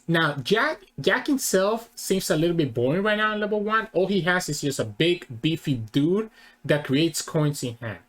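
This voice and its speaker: Lively, rambling male video host. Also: a little high. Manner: rambling, corrects himself mid-thought. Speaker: channel host. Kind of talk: casual reaction commentary.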